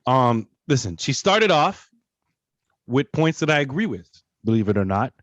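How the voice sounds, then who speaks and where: A man's voice: medium pitch, very animated, moderate pace, a bit bright, dry recording, dull audio. Joking male podcast co-host, dry mic. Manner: joking, blunt reactions. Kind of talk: casual commentary.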